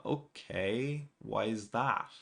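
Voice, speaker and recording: A man with a gravelly, lowish voice and drawn-out words hosts a manga reaction video. He casually recaps a comic chapter, thinks aloud, and reads the dialogue plainly.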